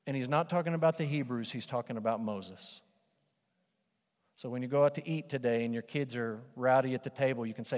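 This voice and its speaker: A man's voice: medium pitch, brisk, a little mellow. A male pastor preaching a sermon, animatedly acting out the voices of the doubters and of Moses. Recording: preaching in a reverberant hall.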